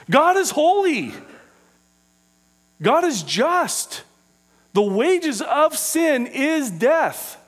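A man preaching a sermon as pastor, acting out small scenes and dropping low and quiet for scripture readings. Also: takes it slowly, long pauses. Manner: animated preaching with acted-out impressions.

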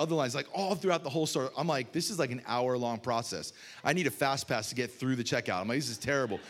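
Animated man preaching a sermon. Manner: storytelling with humor, animated swings from low to loud. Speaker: pastor.

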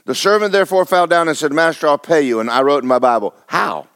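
A man's voice: fairly high pitch, fast talker, a bit bright, no room sound, studio quality. Conversational male pastor preaching. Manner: conversational preaching, rhetorical questions to the congregation. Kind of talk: sermon. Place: church sanctuary.

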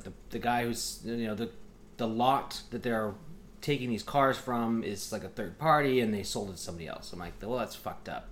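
A man's voice: fairly low pitch, a bit bright, a little hiss or hum. A man telling a story in casual chat, profane and exasperated as he acts out both sides of phone calls.

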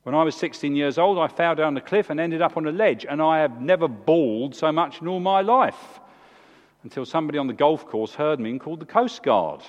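A man, preaching a sermon in a church with emphatic, animated delivery. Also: brisk, dull audio. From England. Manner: animated, emphatic preaching with big swings in pitch. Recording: long hall reverb.

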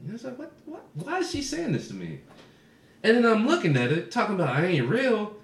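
A man's voice: sits high, huge pitch swings, fast talker, gravelly. A man co-hosting a podcast, telling stories in casual chat, swearing freely and laughing often. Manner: profane, laughs often through his stories. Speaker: podcast co-host. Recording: roomy echo.

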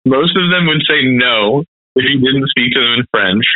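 A man's voice: medium pitch, animated, normal speed, no room sound. A man talks in an easygoing, rambling way, stringing thoughts together with "like" and the odd curse. His voice comes through a dry, tinny, phone-like line with no room sound. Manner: laid-back, rambling, heavy on "like" and "dude", swears casually. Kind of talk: casual chat.

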